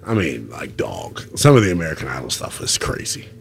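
Playful, lively sports radio host man. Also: extremely low pitch, brisk, gravelly, breathy edge. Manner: playful, joking, lively delivery. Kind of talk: casual radio chat and show sign-off.

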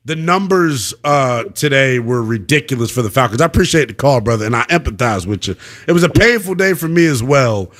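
A young man hosting a call-in sports radio show, ranting in a slangy, animated way. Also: medium pitch, a little fast, few pauses. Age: young adult.

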